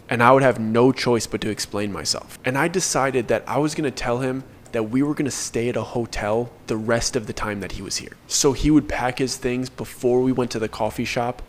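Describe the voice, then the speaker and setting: A young man tells his own story in a relaxed, conversational voice at an ordinary pitch. He sounds earnest and caught up in the events he is recalling. A faint hiss sits under the recording. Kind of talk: first-person storytime narration.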